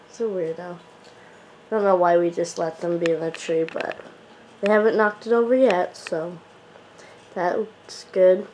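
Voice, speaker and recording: Young female vlogger, mid-pitched, chatty and rambling, faint hiss behind. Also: steady tone, moderate pace, a little mellow, poor audio. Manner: chatty, rambling, many fillers. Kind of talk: casual vlog chat to camera. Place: home, indoors.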